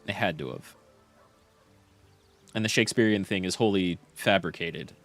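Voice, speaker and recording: A man's voice: deep voice, normal speed, fairly bright tone, soft background music. A young man streaming a game and chatting casually, rambling with lots of fillers and restarts.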